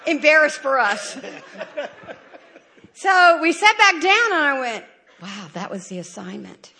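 A woman giving a lively, humorous church testimony and acting out the dialogue as she goes. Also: sits high, a little slow, vocal fry. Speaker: church speaker sharing a testimony. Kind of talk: animated storytelling testimony.

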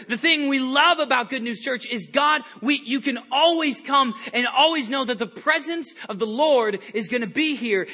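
A male pastor preaching a sermon to his church, animated and lively, stumbling over restarts and acting out the people in his stories. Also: very high-pitched, measured pace, hardly any pauses. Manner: animated, acts out quoted voices, many restarts. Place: church service before a congregation.

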